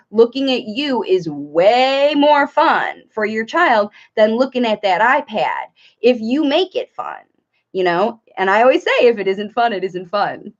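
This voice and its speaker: Lady speech therapist coaching parents live, bright high voice that swings up and down, kinda muffled stream audio. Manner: animated, demonstrates playful sing-song phrases. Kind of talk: live Q&A advice. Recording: dull lo-fi livestream audio.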